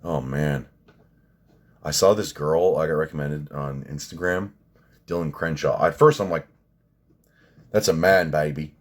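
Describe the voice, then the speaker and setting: A man's voice: very deep voice, moderate pace. A man in his thirties ranting sarcastically in a casual vlog, swearing often. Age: 30s. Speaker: vlogger.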